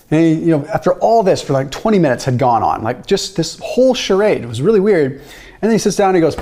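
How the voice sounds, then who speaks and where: A male video host with a slightly raised pitch, speaking casually. He is relaxed and conversational, filling his talk with "like" and "right?". He moves easily between telling stories and explaining diet tips. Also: quick pace. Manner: chatty, loose, with frequent "like" and "right?".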